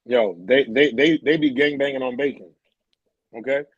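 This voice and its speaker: A man's voice: mid-range voice, normal speed, slightly rough, no echo, dull audio. A man co-hosting a podcast, telling stories in loose, slangy casual chat. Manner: animated storytelling, loose slangy talk. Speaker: podcast co-host.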